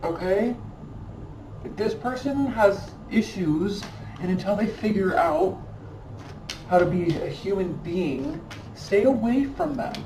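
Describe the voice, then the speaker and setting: A woman's voice: mid-range voice, expressive, slow, long pauses. A woman giving a tarot card reading in an emphatic, scolding way, repeating phrases for stress. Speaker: tarot reader. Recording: echoey room, mic at a distance, faint background noise.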